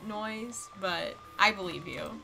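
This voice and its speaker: A young woman hangs out by a friend's game stream, tossing in dry, teasing remarks. Her voice is bright with a middle pitch, and light music plays faintly. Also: slow, gravelly, low-quality recording. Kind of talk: casual chat.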